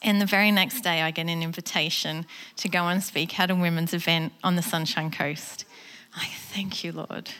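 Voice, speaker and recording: A woman's voice: lowish voice, fairly even intonation, brisk, bright, forceful tone, clear, resonant tone. Earnest woman telling her faith story. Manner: earnest, conversational storytelling with acted quotes. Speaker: guest speaker. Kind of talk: personal testimony sermon.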